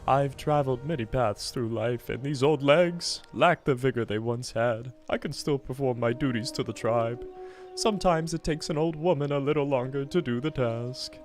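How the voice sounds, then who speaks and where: A man's voice: medium pitch, moderate pace, natural voice. A man voicing an elderly female tauren matriarch, reading quest text aloud in a put-on granny voice. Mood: gentle, proud. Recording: game music underneath.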